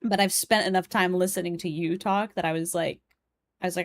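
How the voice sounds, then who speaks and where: A woman's voice: fairly low pitch, fairly even intonation, brisk, no room sound. A young woman with a Polish accent, streaming a puzzle game and chatting as she plays, reading the game's text and viewers' messages aloud. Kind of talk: live game stream commentary.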